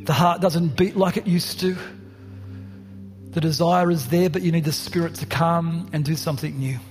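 A man's voice: a little high, fairly even intonation, normal speed, darkish tone, faint music behind. A man preaching a sermon as pastor, passionate and building to emphatic repeated lines. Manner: passionate, rising to emphatic repetition. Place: church hall.

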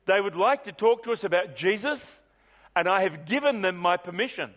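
A preacher voicing a pompous, formal biker gang president in a story. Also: male voice, sits high, lively intonation, normal speed, fairly bright tone, in a large hall.

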